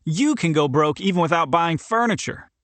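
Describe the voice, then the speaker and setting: Hockey captain, male, upbeat and teasing, played by a man reading an audiobook, pitched up, a bit louder. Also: lively intonation, normal speed, no echo. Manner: playful, needling.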